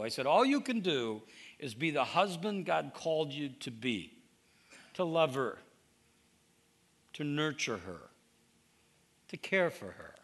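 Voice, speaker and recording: A middle-aged pastor delivering a sermon as if chatting with his listeners. His voice is gravelly and bright, and it rises and falls a lot. He tells stories in a conversational way and often stops to restart a sentence. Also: on the high side, measured pace, long pauses. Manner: conversational storytelling, animated with restarts.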